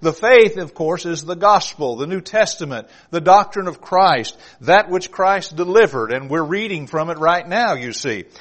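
A man's voice: fairly high pitch, expressive, normal speed, few pauses. A man preaching an evening sermon, reading scripture aloud and driving his points home with emphasis. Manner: emphatic, reads scripture aloud with rising force.

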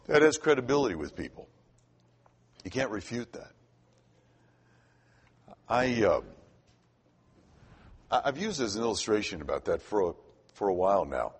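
Husky-voiced older preacher, lively pitch. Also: male voice, normal speed, long pauses. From Florida. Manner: conversational, repeats words when starting sentences. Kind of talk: sermon storytelling.

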